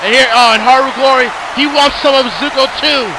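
A man doing play-by-play commentary for a wrestling match, shouting and swearing in excitement. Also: extremely high pitch, brisk, a crowd in the background, background noise.

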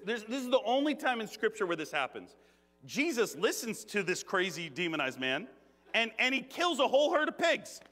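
A man preaching a conversational sermon in a church, joking, animated and laughing often. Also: high-pitched, normal speed. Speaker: guest preacher. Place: church sanctuary. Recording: long reverb of a church hall.

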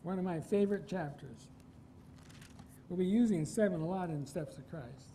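Mellow-voiced preacher from Iowa, man. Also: high-pitched, normal speed, slight background noise, rough recording. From Iowa, United States. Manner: emphatic, asks the congregation rhetorical questions. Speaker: pastor. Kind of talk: sermon.

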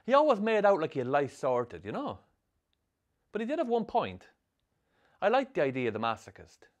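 An actor narrating a film as a troubled young Irish man with a Sligo accent, telling his rough youth in a dry, sardonic way. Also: fairly high pitch, wildly swooping pitch, normal speed. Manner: dry, sardonic storytelling with strong swearing. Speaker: narrator, the film's lead. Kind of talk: scripted film voice-over.

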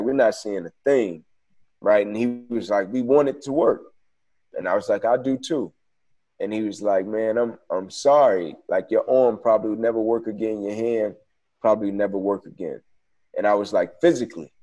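An interview guest telling his own story, a man with a mellow, darker-toned voice. He speaks in an earnest, reflective way, loose and conversational. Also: medium pitch.

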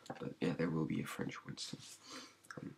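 A man hosting an ASMR channel, rambling in a halting way with many fillers, often dropping into a whisper. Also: very deep voice, flat delivery, gravelly, noisy background. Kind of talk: soft-spoken ASMR channel update.

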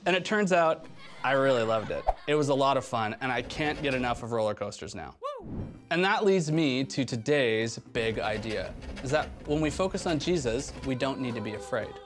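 A man's voice: medium pitch, lively intonation, normal speed, music in the background. A man teaching a casual Bible lesson for teens as a youth pastor, chatty, with filler words.

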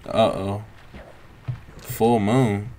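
Laid-back low-voiced man commentating gameplay. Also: fairly even intonation, extremely slow, mellow, slight background noise. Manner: laid-back, reactive, frequent exclamations. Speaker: gaming channel host. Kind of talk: let's-play gameplay commentary.

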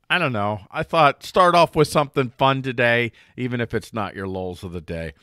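A man hosting a casual headline commentary show, wry and joking, with pitch jumping up for emphasis. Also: pushed and bright, no room sound, clean studio sound. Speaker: news commentary host.

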